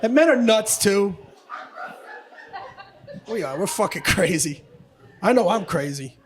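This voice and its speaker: A man doing a stand-up comedy set on a club stage, loud and profane, acting out both sides of arguments. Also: high voice, expressive, measured pace, a crowd in the background. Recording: live club recording with audience noise.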